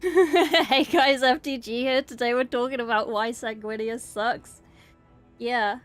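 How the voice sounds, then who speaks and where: A woman mimicking a male gaming video host, doing a halting, mock-enthusiastic intro patter. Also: on the high side, fairly even intonation, soft background music, natural voice. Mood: mock-hype.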